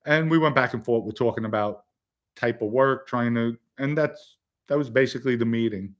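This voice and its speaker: Man, livestream host, casual storytelling, blunt and streetwise, rambling asides, average pitch. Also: normal speed. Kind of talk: casual storytelling to a live chat.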